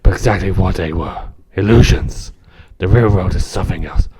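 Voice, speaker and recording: A man doing a croaky, gravelly Batman-style voice, delivering a brooding monologue. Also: low voice, normal speed, warm tone.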